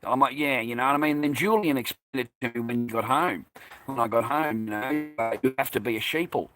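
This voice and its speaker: A man's voice: medium pitch, a little fast, a bit bright, soft background music. An Australian man telling a personal story in a casual, profane, combative monologue. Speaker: vlogger recounting a personal incident.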